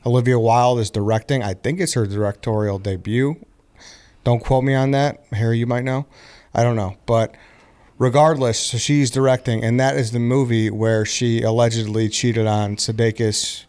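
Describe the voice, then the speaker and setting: Male host, casual chat, rambling and loose, average pitch. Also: steady tone, moderate pace, darkish tone. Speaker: podcast host.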